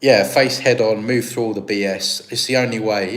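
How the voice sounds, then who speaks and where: A man's voice: lowish voice, level tone, normal speed, hardly any pauses. An English man hosting a live stream, chatting casually and answering viewer comments in a rambling, easygoing way. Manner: rambling, chatty, with frequent restarts and laughs. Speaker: livestream host. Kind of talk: casual livestream chat reading viewer comments.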